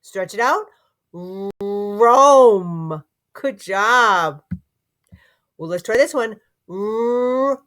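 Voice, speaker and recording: A woman teaching a phonics lesson to young children, sounding out words slowly and encouraging them. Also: mid-range voice, expressive, a bit bright.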